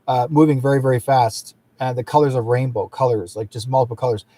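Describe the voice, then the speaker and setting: A male host chats casually with his guest. He rambles, restarting phrases and filling pauses, at a mid pitch. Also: steady tone, dark tone. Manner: rambling, frequent restarts and fillers. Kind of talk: casual interview chat.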